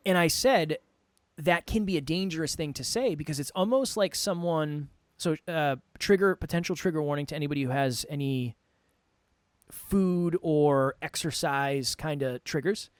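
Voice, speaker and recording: A man co-hosting a podcast in casual chat, talking quickly and animatedly, his voice a little worn from a long day. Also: a little high, dry recording. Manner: quick, animated, self-correcting. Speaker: podcast co-host.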